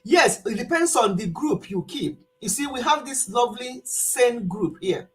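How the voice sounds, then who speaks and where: An older woman, old enough to be her viewers' mother, chats casually on a live stream in a fairly high, slightly slow voice. She's animated, laughs a lot, and imitates the voices of the people she quotes.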